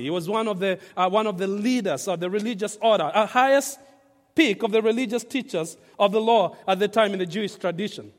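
A man preaching a sermon to a congregation, emphatic and repetitive, leaning on key phrases and inviting the listeners to read along. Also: high voice. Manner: emphatic, repeats phrases, varies loudness for stress. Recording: reverberant hall.

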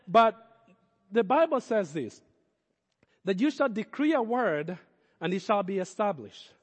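High-voiced preaching man, echoing hall. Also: sing-song, unhurried, slightly rough. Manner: emphatic preaching with repeated declarations. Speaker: pastor. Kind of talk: sermon.

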